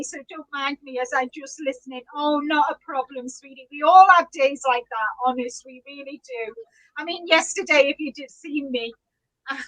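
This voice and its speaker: A woman's voice: sits high, a bit bright, poor audio. A woman hosting a casual live-stream chat, greeting viewers by name and laughing often. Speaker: podcast host reading live chat.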